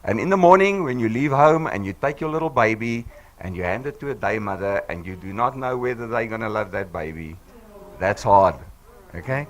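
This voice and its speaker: A man in his sixties with a husky voice, hoarse from flu, giving an emphatic, encouraging motivational speech to a live audience on a handheld mic. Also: fairly low pitch, animated, brisk. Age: 60s. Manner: emphatic, encouraging, repeats for effect. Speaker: business team speaker. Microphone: handheld microphone.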